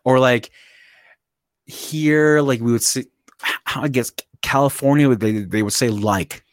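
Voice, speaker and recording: In a dry, studio-quality recording, a podcast co-host chats casually, rambling and full of fillers and restarts. He speaks at a measured pace with a smooth, medium-pitched voice.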